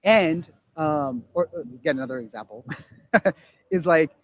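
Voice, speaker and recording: A man's voice: a little high, lively intonation, measured pace, a bit bright. A man talking casually on a podcast, rambling with many restarts and acting out quotes of other people. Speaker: guest.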